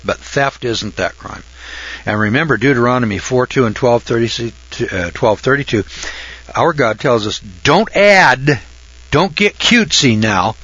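The speaker is an older man with a husky, mid-range voice and a fairly bright tone. He rambles through a long story in a drawling, folksy manner, stopping and restarting with lots of fillers, and then moves on to Bible commentary, all on a dull lo-fi recording.

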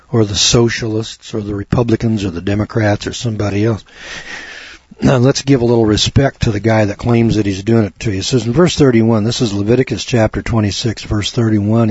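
Fervent male preacher, husky, on a dull dry lo-fi tape. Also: dry recording. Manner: fervent, emphatic, repeats words, rising to a high excited pitch. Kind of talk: sermon.

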